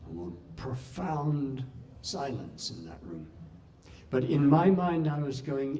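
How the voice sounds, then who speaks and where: A man giving a talk in an impassioned storytelling way, with dramatic pauses. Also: medium pitch, expressive, warm tone, recorded from a distance. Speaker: speaker at a talk. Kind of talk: storytelling speech.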